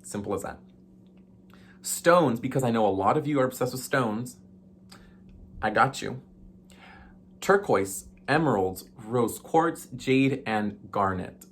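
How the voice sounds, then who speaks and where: A man's voice: mid-range voice, animated, takes it slowly, pauses often, breathy edge. Chatty, sassy man teaching spellwork. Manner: chatty and playful, with sassy asides and filler ums. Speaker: witchcraft video host. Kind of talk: casual tutorial talk.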